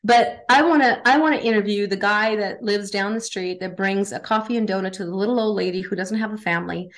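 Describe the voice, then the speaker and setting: Emphatic, energetic woman coach. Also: medium pitch, a little fast. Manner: energetic, emphatic, frequent "right?" tags; impassioned motivational delivery. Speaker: guest, performance coach. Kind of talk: casual podcast interview.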